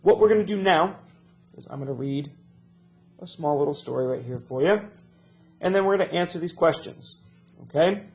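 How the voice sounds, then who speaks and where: A man's voice: a little high, lively intonation, normal speed, long pauses. A male teacher with a stuffy nose, giving a recorded video lesson to young students in a patient, encouraging way and repeating each instruction. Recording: dull lo-fi recording.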